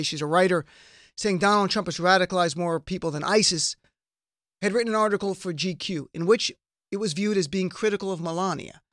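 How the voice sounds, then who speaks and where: A man's voice: high-pitched, a bit bright, no echo, clean studio sound. A man hosting a political talk show, making an emphatic, passionate case full of rhetorical questions. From United States. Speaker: radio show host. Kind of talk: political commentary.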